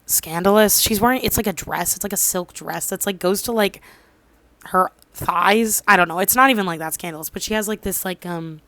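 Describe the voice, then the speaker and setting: In her twenties, a drama reviewer casually recaps a drama, rambling with plenty of fillers and losing track of details. Her medium-pitched voice is brisk, bright and forceful, with no room sound.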